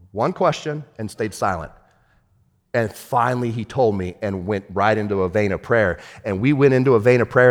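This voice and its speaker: A man pastor preaching a sermon, swinging from shouted rebukes to hushed, tender storytelling. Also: mid-range voice. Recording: long hall reverb.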